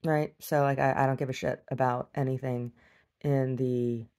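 Low-voiced, weary, blunt middle-aged woman. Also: steady tone, moderate pace, mellow. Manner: weary, blunt and profane, with wry laughs. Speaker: video diarist. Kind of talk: candid video diary monologue.

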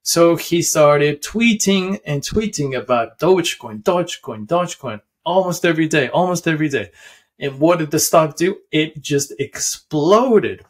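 Young guy talking stocks, kinda high voice, lots of ums and uhs, laughs a bunch. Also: lively intonation, measured pace, slightly rough. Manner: rambling, many fillers and restarts, chuckles often. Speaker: finance video host. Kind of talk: casual explainer.

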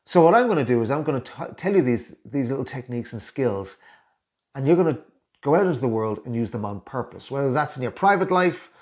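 A man's voice: mid-range voice, a little mellow. An Irish man, a communication coach, talking straight to camera in a chatty way and acting out both sides of everyday small talk. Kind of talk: direct-to-camera coaching tips.

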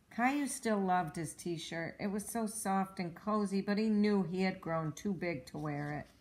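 A woman reading a children's storybook aloud at home, with clear, even, expressive narration. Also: mid-range voice, measured pace, few pauses. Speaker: storybook reader.

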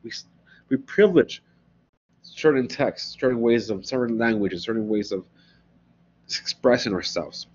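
A man's voice: mid-range voice, unhurried, long pauses, darkish tone, a little hiss or hum. A man giving a philosophy lecture in a conversational way, often checking in with "right?" as he explains ideas. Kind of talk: recorded classroom lecture. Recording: dull, lo-fi lecture recording.

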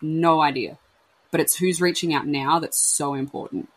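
A husky-voiced woman talks openly and emotionally, her sentences trailing off and restarting as she acts out her friends' words. Her speech is slightly breathy. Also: deep voice, steady tone, moderate pace, poor audio. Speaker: podcast host sharing her baby loss. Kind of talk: candid casual chat.

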